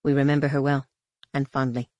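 A narrator putting on an old woman elder, calm and dignified, speaking a touch lower than the reader's own voice. The tone is composed and unhurried, recorded dry. It belongs to a storybook reading. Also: dry recording, natural voice.

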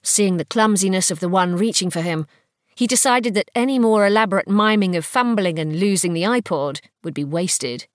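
A woman's voice: mid-range voice, normal speed, no room sound. Woman reading fiction, dry close sound. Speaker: audiobook narrator. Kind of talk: scripted fiction narration.

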